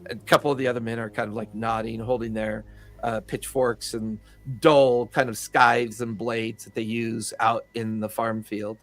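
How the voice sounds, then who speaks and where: A man narrating a tabletop horror game as game master, slow and halting with fillers, over faint background music. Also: medium pitch, little pitch movement.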